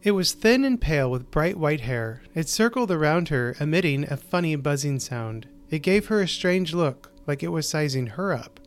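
A male host narrates a short story in a measured, deliberate reading, slowing down on key phrases. His voice sits a little above the usual male pitch, clear and even.

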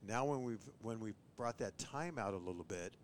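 A man who trains bird dogs, chatting on a podcast and giving tips, who often acts out owners and dogs in a higher voice. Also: normal speed, slight background noise. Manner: animated, mimics owners and dogs in a high voice. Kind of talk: casual podcast chat.

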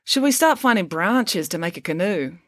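A woman's voice: medium pitch, lively intonation, normal speed, dry recording, lightly acted. A woman voicing an earnest, practical schoolboy who asks eager questions, recorded close and dry.

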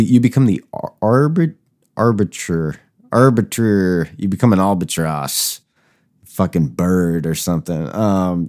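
A man's voice: low voice, dark tone. A man hosting a podcast, talking loosely and rambling with swearing and self-mocking asides. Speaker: podcast host. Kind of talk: casual chat.

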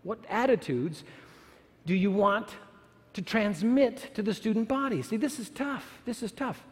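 A man with a high, ringing voice speaks in a sermon-like way. He asks the listeners rhetorical questions and repeats lines for emphasis. A long reverb trails his voice through the large hall. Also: a little slow. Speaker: speaker at a church or university gathering. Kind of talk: sermon-like talk.

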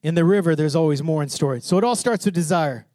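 A man's voice: fairly high pitch, quick pace, dark tone, no echo. A pastor preaching to his congregation, asking questions and building to fervent emphasis. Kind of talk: sermon.

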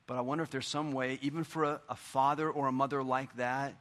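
A middle-aged man preaching a sermon, earnest and conversational, dropping into quiet asides. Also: mid-range voice, little pitch movement, brisk. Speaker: pastor.

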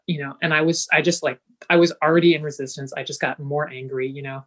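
Talking fast with few pauses, this low-voiced middle-aged healer shares a personal story as an interview guest. The conversation is casual, and she brings it to life by performing other people's lines.

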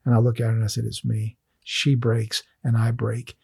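A man's voice: medium pitch, monotone, moderate pace, creaky, darkish tone, breathy edge, no room sound, studio quality. A man hosting a faith conversation, telling a personal testimony in an earnest, emotional way.

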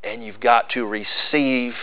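A man's voice: mid-range voice, fairly even intonation, takes it slowly, phone-quality sound. A male pastor, preaching a sermon with emphatic, building repetition.

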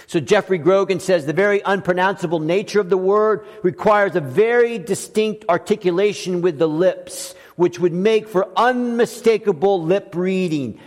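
Male pastor preaching, high voice, animated and emphatic, long church-hall reverb. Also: moderate pace, few pauses. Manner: animated, shifting between loud emphatic and soft hushed delivery. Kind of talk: sermon. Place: church sanctuary.

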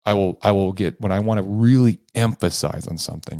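A man's voice: lowish voice, brisk, hardly any pauses, warm tone, no room sound, studio quality. A man hosting a sales coaching podcast, talking earnestly and with emphasis. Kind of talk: motivational podcast monologue.

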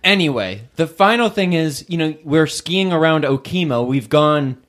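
Co-host, male, lively enthusiastic storyteller, slightly higher voice, lots of swing in pitch. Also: moderate pace. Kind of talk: casual storytelling chat.

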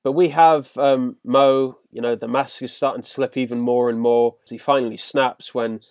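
A man's voice: mid-range voice, steady tone, moderate pace, darkish tone, no echo, clean studio sound. A man hosting a podcast and recapping a cartoon episode enthusiastically, with many ums and you-knows. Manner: enthusiastic recapping, filler-heavy. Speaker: podcast host. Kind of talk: casual episode review.

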